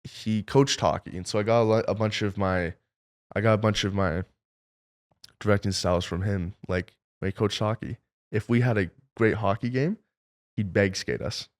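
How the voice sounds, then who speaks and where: Young male director guest, low gravelly voice, loose rambling talk full of filler words. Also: fairly even intonation, moderate pace. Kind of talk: casual interview storytelling.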